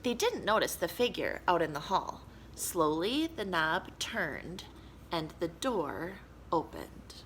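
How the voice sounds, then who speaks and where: A woman reading a children's story aloud for young listeners. Her voice is bright and clear with lively, animated pitch. Her delivery is expressive and warm to the story. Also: slow, slight background noise. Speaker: children's book reader.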